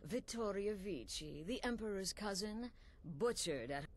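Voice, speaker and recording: A woman's voice: mid-range voice, expressive, a little slow. An actress playing a stern female leader of an assassins' guild in a game, speaking in a grave, commanding way.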